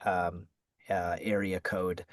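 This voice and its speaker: A middle-aged man from Massachusetts with a Boston accent, answering interview questions in a measured way with frequent ums and restarts. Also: low-pitched, little pitch movement, no room sound. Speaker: guest, ad agency founder.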